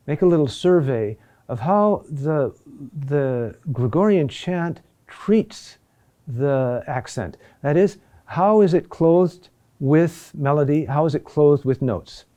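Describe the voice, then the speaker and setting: Male lecturer, unhurried and hesitant delivery, mellow low-key tone. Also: animated. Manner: slow, halting delivery with many fillers and restarts. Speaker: teacher of Gregorian chant. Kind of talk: classroom lecture.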